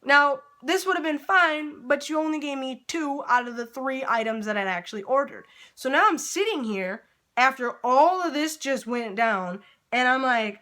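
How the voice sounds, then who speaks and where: A woman's voice: on the high side, fairly quick. A young woman vlogger casually telling a storytime anecdote, chatty and full of fillers, acting out her own reactions. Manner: chatty, filler-heavy, animated retelling.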